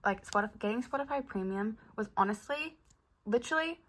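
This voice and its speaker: A woman's voice: medium pitch, fast, darkish tone. A young woman vlogging casually about books, chatty and rambling with lots of fillers. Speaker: book vlogger. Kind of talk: casual vlog chat.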